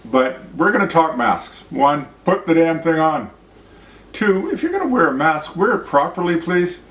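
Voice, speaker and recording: A man's voice: fairly high pitch, sing-song, moderate pace, fairly bright tone. A man hosting an opinion vlog, talking bluntly with a ranting, profane manner. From Canada. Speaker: show host. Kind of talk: opinion vlog monologue and demonstration. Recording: roomy sound, mic at a distance.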